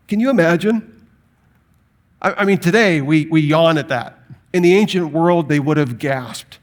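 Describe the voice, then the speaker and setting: A man lectures on the Bible to a live audience at a moderate pace, his voice fairly high. Emphatic and animated, he relies on rhetorical questions to drive his points home.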